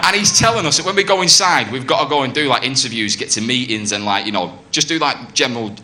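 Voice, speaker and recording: A man's voice: medium pitch, expressive, fast, sharp tone. A man doing a brash stand-up comedy set, telling a story and acting out the voices, with audience laughter behind him. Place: comedy club stage. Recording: noisy live club recording. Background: audience laughter and room ambience.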